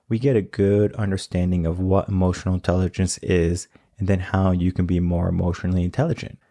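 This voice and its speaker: A man with a deep, mellow voice hosts a coaching show, explaining ideas in a relaxed, conversational way and often adding "right?" to check in. The recording is dry and close, with no room sound. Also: no room sound. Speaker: coach and podcast host. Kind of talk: casual coaching talk.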